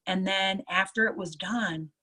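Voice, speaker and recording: A woman nurse telling stories from her work in a casual interview, lively and acting out what others said. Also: mid-range voice, measured pace, a little hiss or hum. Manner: lively storyteller, acts out others' lines. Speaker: nurse and EFT tapping practitioner.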